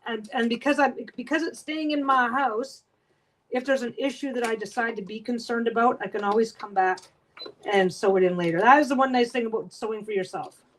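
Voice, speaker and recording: Blunt, foul-mouthed woman, fairly high voice. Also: brisk, a bit bright, a little hiss or hum, low-quality recording. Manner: swears a lot, blunt and talkative. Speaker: quilter and livestream host. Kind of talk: casual livestream chat while sewing. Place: home sewing room.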